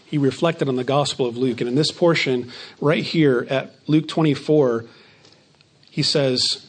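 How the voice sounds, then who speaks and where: A man preaching a sermon, stressing key phrases by slowing down and dropping to a quieter voice. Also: medium pitch, slightly rough. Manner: emphatic preaching, slows on key phrases and drops softer. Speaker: pastor.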